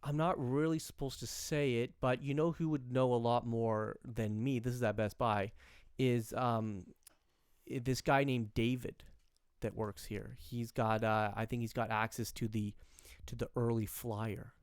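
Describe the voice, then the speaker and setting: A young man co-hosting a podcast tells a rambling story in casual chat, restarting often and acting out the people he quotes. His medium-pitched voice is steady, measured, and clean, captured in clean studio sound with no echo.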